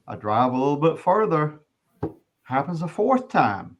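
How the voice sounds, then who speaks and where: A middle-aged man giving an earnest personal testimony as an interview guest, often halting and restarting his sentences. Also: fairly high pitch, big pitch swings, a bit bright, slight background noise.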